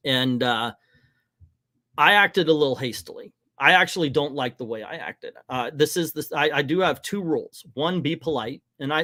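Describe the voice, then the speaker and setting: A man's voice: a little high, a bit bright, dry recording, clean studio sound. A middle-aged man hosting a casual livestream, talking in a rambling, frank and hesitant way in front of a green screen. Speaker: livestream host.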